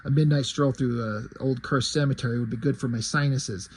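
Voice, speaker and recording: A man's voice: medium pitch, steady tone, a little fast, a little mellow, slight background noise, lightly acted. A man reading as a brash, wisecracking monster hunter. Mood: mocking. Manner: profane, sarcastic outbursts. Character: young male vampire-hunting hero, brash and wisecracking.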